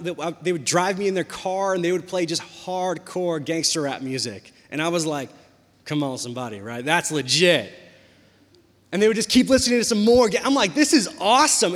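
A young man preaching a sermon, telling a personal story in a lively, conversational way. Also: sits high. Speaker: pastor. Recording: long hall reverb.

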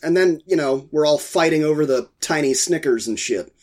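A man's voice: on the high side, moderate pace, darkish tone. A middle-aged man with a head cold, chatting casually and telling a rambling, exasperated story. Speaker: podcast co-host. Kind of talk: casual chat.

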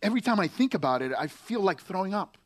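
A hurt young Marine pours out bitter, pained words in a letter home, as a preacher reads him aloud. The voice sits fairly high for a man and comes out halting and heavy with anguish. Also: sing-song. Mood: furious. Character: angry, heartbroken young male Marine writing home. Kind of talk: letter read aloud in a sermon.

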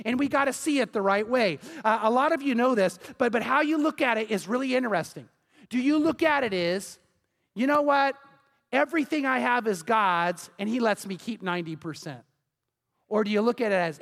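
A pastor preaching a sermon, animated and acting out the voices of the people he quotes. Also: high voice. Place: church sanctuary. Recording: long hall reverb.

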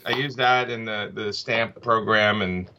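A man's voice: lowish voice, steady tone, measured pace, sharp tone, slight background noise. A man speaking as a comic book creator in a casual interview, rambling with many restarts and fillers. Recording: slightly dull lo-fi audio.

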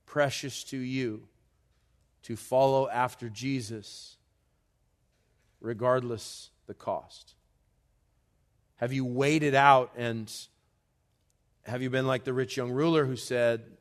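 A man preaching a sermon as pastor, slow and deliberate, building to loud urgency in a church. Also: medium pitch.

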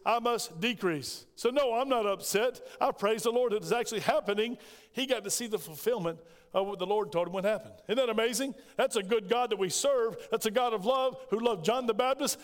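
A man preaching a sermon as pastor, firing off rhetorical questions and acting out scripture quotes. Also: sits high. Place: church sanctuary. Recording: long hall reverb.

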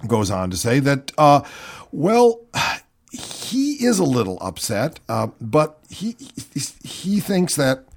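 Animated sarcastic male talk host. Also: medium pitch, unhurried, hardly any pauses. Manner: mocking, animated, reads news aloud. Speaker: radio talk show host.

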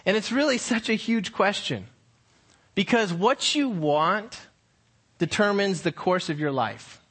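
A man preaching as a high school pastor, posing slow rhetorical questions and acting out different tones of voice. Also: expressive, a bit bright, husky. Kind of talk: sermon.

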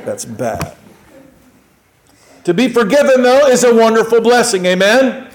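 Male pastor, high voice, chatty sermon delivery with acted-out asides. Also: a little fast, low-quality recording. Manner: conversational, acts out little quoted exchanges.

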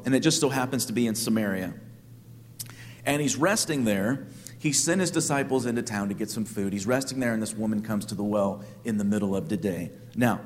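A man's voice: medium pitch, in a large hall. A man preaching a sermon as a pastor, telling stories in a conversational way with humorous asides.

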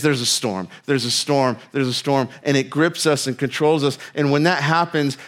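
A pastor preaching a sermon in a casual, storytelling way, with self-mocking humor and lots of filler words. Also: male voice, a little high, fairly bright tone.

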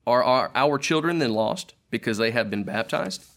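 A man's voice: medium pitch, animated, normal speed, gravelly, fairly bright tone. A man reading as a stern court interrogator. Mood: interrogating. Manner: probing, formal questioning.

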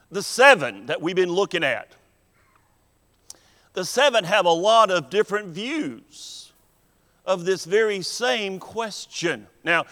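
Preacher, high voice, big hall echo. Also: male voice, a bit bright. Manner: earnest, deliberate preaching with emphatic pauses. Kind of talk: sermon. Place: church sanctuary. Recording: long hall reverb in a church.

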